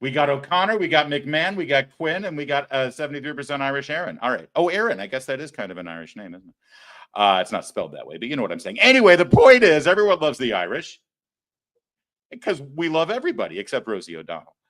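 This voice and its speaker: A man's voice: fairly high pitch, fast. A man hosting a live political commentary show, talking in a sarcastic, mocking way. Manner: sarcastic, mocking, animated delivery. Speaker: host.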